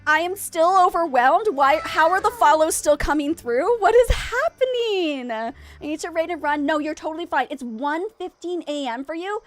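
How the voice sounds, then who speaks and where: A young adult woman streaming a game live, bubbly and excitable, chatting with viewers and laughing often. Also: high voice, moderate pace, few pauses. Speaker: variety streamer.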